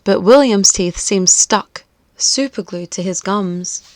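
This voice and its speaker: Expressive woman reading a kids' story. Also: mid-range voice, takes it slowly, slight background noise. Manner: clear, expressive and lilting. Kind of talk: children's storybook read-aloud.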